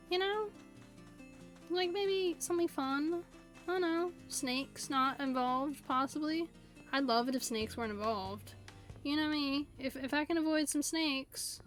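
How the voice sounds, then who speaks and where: A high-pitched woman streamer chats playfully while playing a video game, laughing easily and tossing in plenty of asides. She's close on a desk USB condenser mic in a home setup, with faint game music beneath her voice.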